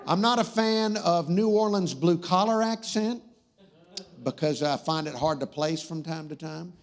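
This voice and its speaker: A man delivers a comedic talk show monologue. He rambles and cracks jokes, and his voice sits fairly high for a man. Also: unhurried. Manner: rambling, wisecracking, easily sidetracked.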